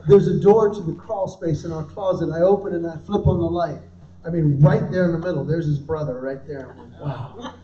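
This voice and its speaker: Man, stand-up comedian, animated storytelling, dull distant hall recording. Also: brisk. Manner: animated storytelling, acts out his wife's high shrieks. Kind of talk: stand-up comedy at a ministry dinner. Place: event hall with audience laughter.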